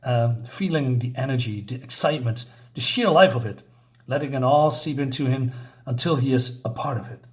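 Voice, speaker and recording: A man's voice: mid-range voice, normal speed. A man casually reviewing a comic book, rambling with many fillers and chuckling often.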